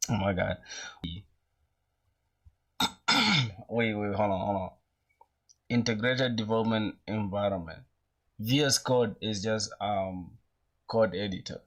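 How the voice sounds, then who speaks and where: A young man in his twenties chatting casually with viewers while coding live, using relaxed slang and thinking aloud, with an occasional cough. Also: fairly low pitch, takes it slowly, long pauses. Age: young adult. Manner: laid-back slangy, greets chat, thinks aloud. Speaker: programming streamer.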